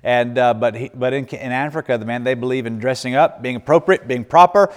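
A man's voice: mid-range voice, a little fast. A man, telling folksy stories and answering questions as a missionary speaker, laughing often and restarting his sentences. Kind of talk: church Q&A talk. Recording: echoey hall with long reverb.

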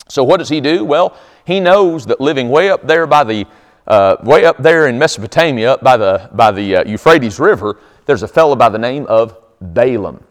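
A man preaching a sermon, retelling a story in a folksy, conversational way. His voice is mid-pitched and swings widely, and a long hall reverb hangs behind every phrase. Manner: folksy, animated, with chuckles.

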